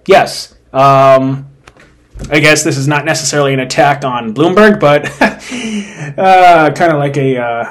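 A man hosting an opinion podcast, talking bluntly and sarcastically with open indignation. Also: a little high. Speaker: podcast host. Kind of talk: opinion commentary.

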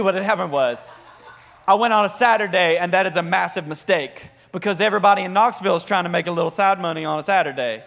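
A young man preaching a sermon, energetic and conversational, calling on the congregation to respond. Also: fairly high pitch. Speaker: worship leader and preacher.

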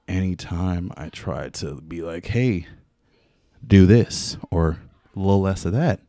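A young man tells a story in casual slang, his pitch jumping all over as he acts things out and laughs. His voice sits a little low, and the recording is dry and close with no room sound. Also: warm tone, no echo. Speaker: podcast co-host. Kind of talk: casual chat.

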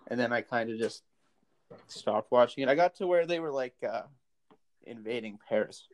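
A Canadian man as a guest on a casual podcast, telling stories in an animated, upbeat way. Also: mid-range voice, normal speed. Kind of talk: casual chat.

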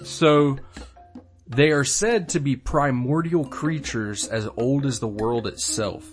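A man's voice: mid-range voice, slow, faint music behind. Laughing, rambling young man. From Florida. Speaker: podcast co-host. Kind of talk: casual chat.

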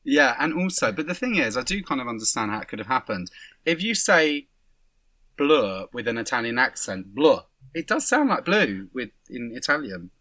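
A man's voice: medium pitch, sing-song, a little fast, sharp tone, no room sound. A man co-hosting a podcast in casual chat, laughing often and tripping over repeated words. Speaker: podcast co-host.

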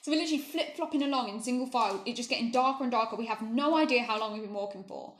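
Animated young English woman, roomy sound. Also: on the high side, rapid-fire, slight background noise. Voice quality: animated, fond of saying "literally". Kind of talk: casual storytelling chat. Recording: roomy echo.

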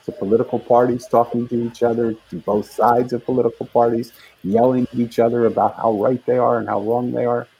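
A man's voice: mid-range voice, mellow, breathy edge, poor audio. An older man, a guest author, telling a heartfelt story in an interview with earnest, building intensity.

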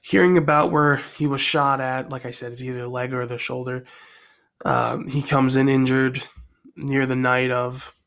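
A man casually tells a story he is still working out. He rambles and thinks aloud, often pausing to decide what happens next. His voice sits at an ordinary middle pitch. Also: flat delivery, fairly bright tone. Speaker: storyteller sharing his own story ideas.

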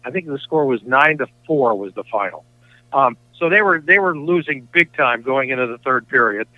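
A man's voice: medium pitch, animated, moderate pace, no room sound. An older man, a sports broadcaster appearing as a guest, telling rambling anecdotes in casual chat with frequent self-corrections. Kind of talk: storytelling in casual conversation. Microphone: phone line. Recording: tinny dry phone line.

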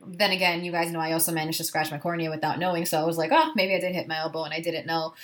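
A woman's voice: sits low, flat delivery, racing. A woman co-hosting a podcast, telling a story in a chatty way, full of "like" and the odd swear word. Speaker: podcast co-host. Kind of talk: casual chat.

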